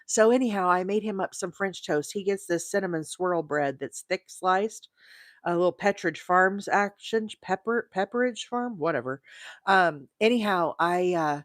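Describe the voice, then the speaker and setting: A woman from Arizona hosting a crochet livestream, rambling chattily and reading out viewer comments, with bursts of high, excited emphasis. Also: normal speed, no room sound, studio quality. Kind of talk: casual live-stream chat.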